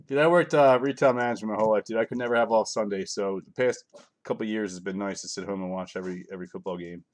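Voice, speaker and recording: A middle-aged man talks fast in a fairly low voice while hosting a live card break. He reads out cards and jokes offhandedly with viewers in relaxed live-stream chat.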